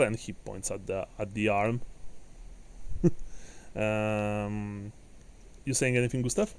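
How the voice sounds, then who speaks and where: A man's voice: on the low side, fairly even intonation, clear, resonant tone. A man running a tabletop game as game master, narrating with frequent fillers and restarts. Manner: halting, many fillers and restarts.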